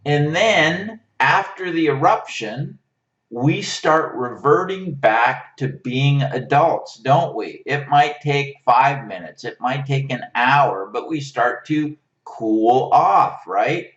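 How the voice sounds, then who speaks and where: A man's voice: mid-range voice, animated, a bit bright. A man giving a relationship lesson, teaching in a coaching manner and checking in with his listeners as he goes. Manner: unhurried, coaching, checks in with "right?". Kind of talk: motivational teaching talk. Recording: roomy, distant, dull lo-fi sound.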